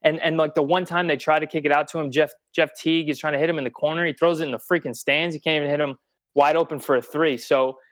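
A man's voice: on the high side, steady tone, fast talker, a bit bright, no room sound. A man co-hosting a sports podcast, talking bluntly and emphatically in casual chat, swearing freely. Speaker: podcast co-host.

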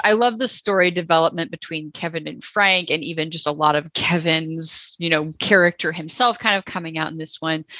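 Bright chatty woman, dull dry recording. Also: mid-range voice, no room sound. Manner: chatty, rambling with many fillers. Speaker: podcast co-host. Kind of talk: casual TV review chat.

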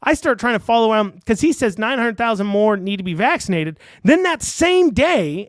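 This political commentator has a high male voice and rants through a loose online commentary, wandering off, starting sentences over and slipping in sarcasm. The audio is dry and close-miked at a desk, without any room reverb.

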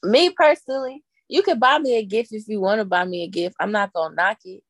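A woman's voice: mid-range voice, fairly quick, dry recording, clean studio sound. A woman co-hosting a podcast, talking casually and expressively, repeating her point and laughing easily. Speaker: podcast co-host. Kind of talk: casual chat.

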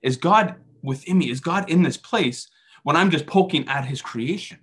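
Man, husky voice, casual sermon, storytelling, rhetorical questions, self-deprecating. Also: a little high, normal speed, a bit bright. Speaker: speaker at a faith meeting. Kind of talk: conversational sermon talk.

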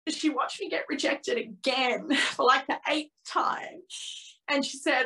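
A woman in her thirties, a podcast guest telling a personal story candidly and with feeling, acting out the dialogue in lively voices. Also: high-pitched, unhurried, vocal fry, rough recording. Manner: candid, emotional, swears freely.

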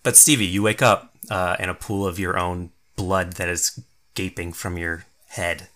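A man narrating as game master of a tabletop game, relaxed and chuckling. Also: sits low, unhurried.

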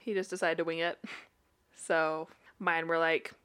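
Young woman co-host, somewhat low voice, bubbly storyteller who laughs easily. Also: clear, resonant tone. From Utah. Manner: animated storyteller, laughs often, quick bursts of rising pitch. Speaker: podcast co-host. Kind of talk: casual chat.

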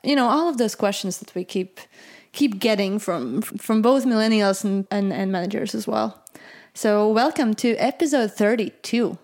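A woman from Latvia, hosting a casual podcast chat, hesitant with many fillers and restarts and quick to laugh. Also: medium pitch, darkish tone. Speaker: podcast host.

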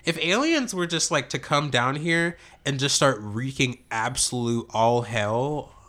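A man's voice: medium pitch, lively intonation, measured pace, pushed and bright. A young man guesting on a casual podcast, rambling with lots of fillers and swearing. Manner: rambling, filler-heavy, swears, laughs easily. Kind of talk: casual chat.

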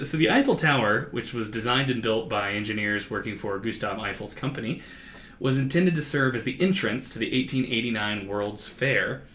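A man with a bright, forward voice co-hosts a relaxed chat, reading quotes from his notes and laughing easily. His voice rings in a roomy, echoey space, and a faint hum of ambience sits behind it. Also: lowish voice. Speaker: podcast co-host.

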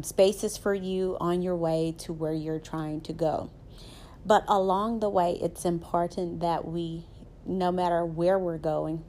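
A Southern-accented woman hosts a podcast, winding through personal travel stories and drawing faith lessons from them. Her voice sits a little low and mellow, and her delivery is chatty, stopping often to check in with the listener. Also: gravelly, slight background noise. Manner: chatty storytelling, often asks "right?". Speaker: podcast host. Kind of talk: faith-based motivational talk with personal stories.

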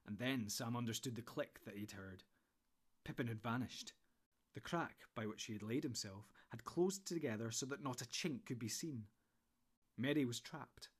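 A man reading a storybook in steady, measured narration. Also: medium pitch, breathy edge. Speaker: audiobook narrator.

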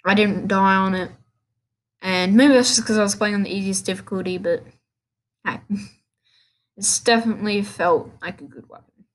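A woman's voice: medium pitch, normal speed, long pauses. A woman hosting a casual solo gaming podcast, rambling and restarting her sentences in an offhand way. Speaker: podcast host.

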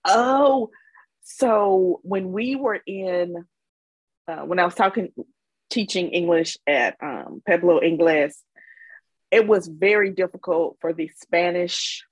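Husky chatty woman from Mississippi. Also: fairly low pitch, slow pace, pauses often, no echo, rough recording. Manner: chatty storyteller, laughs often. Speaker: guest. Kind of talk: casual chat.

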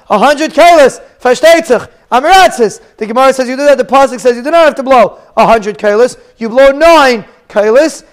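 A man's voice: extremely high pitch, clean tone. A man teaching a Talmud lesson in English, reading Hebrew and Aramaic with an Ashkenazi pronunciation and explaining each phrase.

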